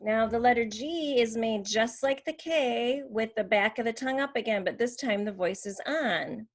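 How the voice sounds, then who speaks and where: A woman's voice: a little high, moderate pace. Patient woman speech therapist explaining sounds. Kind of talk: instructional demonstration.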